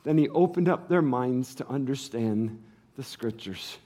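A man's voice: expressive, unhurried. A man preaching a sermon, retelling the passage like a story and acting out what the people said. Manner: swings from low and quiet to loud and high. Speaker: pastor.

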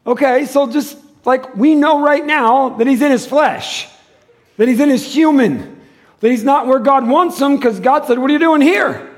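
A male pastor preaching a sermon to his church, animated and moving between loud, emphatic stretches and hushed, quiet ones. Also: very high-pitched, unhurried. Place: church service.

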